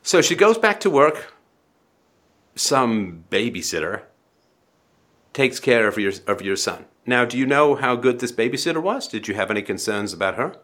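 A man hosting a call-in advice show, talking in an animated, dramatic way and acting out scenes to make his point. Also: mid-range voice, moderate pace. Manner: animated, dramatic, acts out scenarios.

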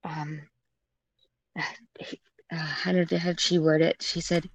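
A woman in her thirties calling in to a show, telling her story in a hesitant, halting way with many fillers. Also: sits low, flat delivery. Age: 30s. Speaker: caller. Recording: dull phone-line caller audio.

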